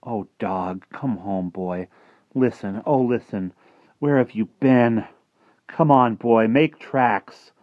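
A man's voice: sits low, steady tone, slow, hardly any pauses, no echo. A man voicing a desperate young boy pleading for his lost dog to come home. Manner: pleading, rising to cries. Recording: dull lo-fi dry recording.

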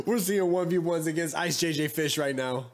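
A man giving live, excitable gameplay commentary, swearing and trash-talking his opponent. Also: on the high side, a little hiss or hum. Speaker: gamer. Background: loud game music.

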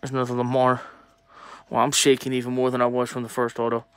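A young man talking casually to viewers while opening sports cards, chatty and excitable. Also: mid-range voice, quick pace, smooth, no echo. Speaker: sports card collector opening packs. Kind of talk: casual pack-opening vlog.

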